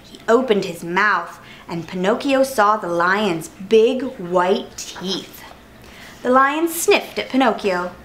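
Animated woman reading a children's story. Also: mid-range voice, slow, slight background noise. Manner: expressive, animated. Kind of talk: reading a children's picture book aloud.

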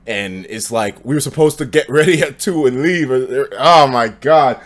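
A young man streaming casually from his apartment, tipsy after drinks, talking loosely and profanely, jumping between loud outbursts and low mumbles. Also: moderate pace. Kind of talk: casual live-stream chat. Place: home apartment.

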